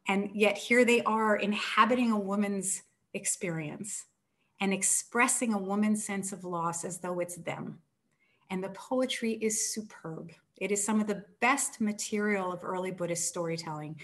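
An author, a woman, retelling an old tale with animated storytelling and acted-out quotes. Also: medium pitch, a little slow. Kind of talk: book talk, retelling a story.

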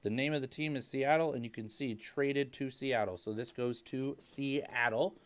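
A young man hosting a casual live-stream card break, hyping each card with loud call-outs of player names. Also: medium pitch, fairly even intonation, moderate pace.

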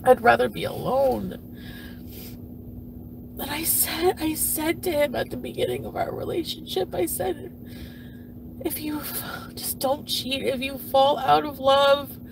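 A woman's voice: sits high, unhurried, gravelly, a little hiss or hum. A woman doing a foul-mouthed, jilted streamer. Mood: furious. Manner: profane, swings between yelling and mumbling. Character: jilted, furious woman streamer, crude and self-pitying. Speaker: puppet comedy performer. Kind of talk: comedic impression of a livestream rant.

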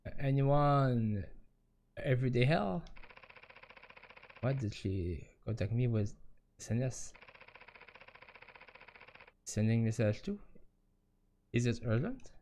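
A man's voice: medium pitch, big pitch swings, slow pace, long pauses, a little mellow, a little hiss or hum. A man with a Quebec French accent, streaming a horror game and reading its text aloud with musing asides. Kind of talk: live game commentary.

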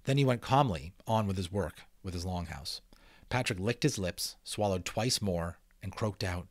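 Lively, low-voiced male storyteller. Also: normal speed, no echo. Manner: expressive, with casual asides. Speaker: audiobook reader. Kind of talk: dramatic reading of a children's novel.

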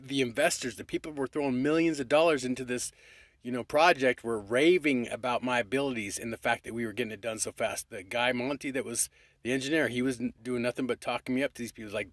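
A man's voice: medium pitch, a bit bright, no echo, clean studio sound. A man talking straight to his viewers in a rambling, affectionate, profane motivational monologue. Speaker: vlogger.

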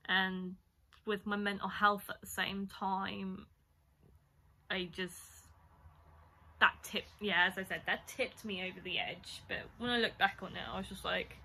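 A woman's voice: mid-range voice, level tone, a little slow, gravelly, bright, forceful tone. A young woman, casually telling a story-time vlog, chatty and rambling with lots of fillers. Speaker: vlogger.

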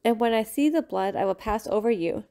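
Woman, scripted scripture lesson reading, gravelly, mellow, steady measured pace. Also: a little high. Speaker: scripture study reader.

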